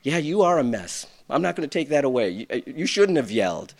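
A middle-aged man preaching a sermon, swinging between loud bursts and hushed lines, with self-deprecating humor. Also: medium pitch, sing-song, a little fast. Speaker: pastor.

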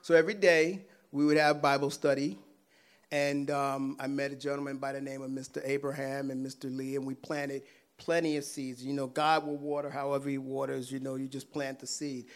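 A man telling a personal faith testimony in a casual, animated way, laughing often and swinging between loud and hushed. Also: medium pitch, brisk, clean tone. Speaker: guest sharing a personal testimony.

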